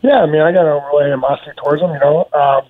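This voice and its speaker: A man calling in to a casual interview, answering in a relaxed way with many fillers, over a tinny phone line. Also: on the high side, very fast. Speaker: caller, athlete guest.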